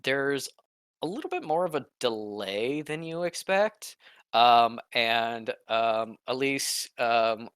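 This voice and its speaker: A man narrating a tabletop game as game master, halting, with many fillers. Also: medium pitch, expressive, a bit bright, smooth, dry recording.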